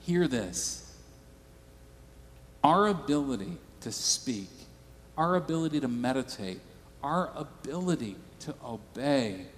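A man's voice: mid-range voice, in a large hall, a little hiss or hum. A male pastor preaching a sermon in a church, conversational and storytelling.

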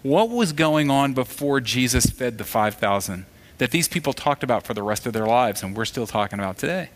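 A man's voice: mid-range voice, lively intonation, brisk. A man preaching a sermon in a conversational, storytelling way, acting out the voices of the people in his stories. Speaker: pastor.

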